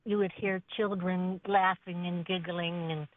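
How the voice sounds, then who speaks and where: A woman calling in to a radio show, telling a story in a plain, unhurried way over the phone. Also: lowish voice, fairly even intonation. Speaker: caller. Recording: tinny phone line.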